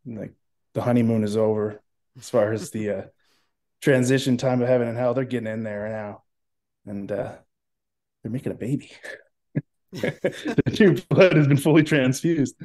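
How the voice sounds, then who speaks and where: A man appearing as a podcast guest, talking casually in a relaxed, halting way and laughing easily. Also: mid-range voice.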